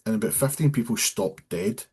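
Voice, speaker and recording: A man's voice: on the low side, animated, moderate pace, darkish tone, husky. A Scottish man in his thirties, a pro wrestler telling stories bluntly with plenty of swearing. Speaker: guest, professional wrestler. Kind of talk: casual chat.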